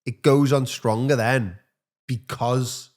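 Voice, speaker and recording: A man co-hosts a podcast in casual chat. His voice sits at a middle pitch. He reflects aloud in a rambling way, full of fillers. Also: steady tone, slow pace, darkish tone. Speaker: podcast co-host.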